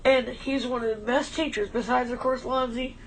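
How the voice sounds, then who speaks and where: A woman's voice: a little high, fairly even intonation, moderate pace, slight background noise, rough recording. A woman talking in a casual, heartfelt way on a stream, emotional and rambling as she thanks a friend. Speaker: livestream co-host.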